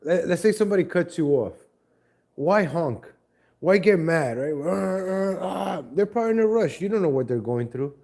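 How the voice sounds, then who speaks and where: A man hosts a relaxed live stream from his home, talking into a laptop mic. His voice sits a little high for a man, with a mellow, soft tone. He rambles, restarts his sentences and breaks off to greet viewers. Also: a little fast. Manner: rambling, self-correcting, chats to viewers and cat. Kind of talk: casual live-stream chat.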